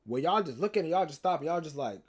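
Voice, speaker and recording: Animated, rambling young man streamer. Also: on the high side, fast, slightly rough. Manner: rambling, slangy, repeats himself, teases chat. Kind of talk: casual storytime to chat.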